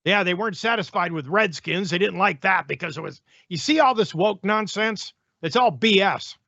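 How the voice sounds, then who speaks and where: A male host rants through the news in a high, sharp-edged voice, sarcastic and opinionated. The sound is dry and close, with a slightly muffled, lo-fi quality. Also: lively intonation, normal speed, vocal fry, no echo. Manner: sarcastic, ranting. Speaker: talk show host.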